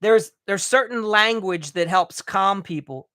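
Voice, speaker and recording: A man runs a live training for remodelers, his voice bright and forward. He talks bluntly, swears now and then, and trips over restarts when he gets fired up. The recording is close and dry. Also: high voice, unhurried, clean tone, no echo. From United States. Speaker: remodeling business coach.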